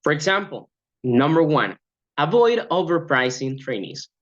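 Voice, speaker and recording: A man's voice: fairly high pitch, big pitch swings, measured pace, a bit bright, dull audio. A man training language coaches in an upbeat lecture, acting out short classroom examples.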